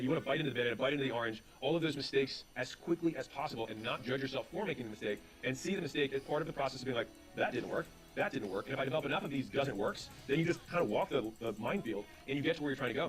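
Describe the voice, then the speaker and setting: A man's voice: medium pitch, soft background music. A man speaking on business and sales, telling stories with quoted back-and-forth dialogue, then giving advice. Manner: rapid, animated retelling with quoted dialogue. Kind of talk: storytelling advice talk.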